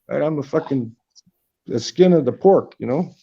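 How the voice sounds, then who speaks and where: Gravelly, profane man chatting on a livestream. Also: on the high side, lively intonation, normal speed, muffled recording. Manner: profane, rambling storytelling. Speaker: livestream host. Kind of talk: casual chat. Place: apartment.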